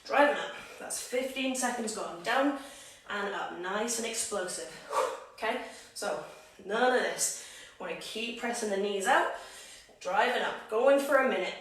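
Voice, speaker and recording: A woman's voice: fairly high pitch, expressive, measured pace, fairly bright tone, slight background noise. A woman fitness coach leading a home workout, counting down reps and chatting between sets, out of breath. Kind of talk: live workout instruction. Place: room at home. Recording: echoey room, voice far from the mic.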